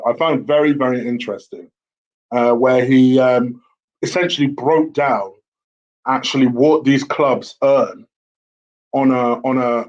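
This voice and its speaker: A man talking casually to camera as a football fan vlogger, blunt and opinionated. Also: medium pitch. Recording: slightly dull lo-fi audio.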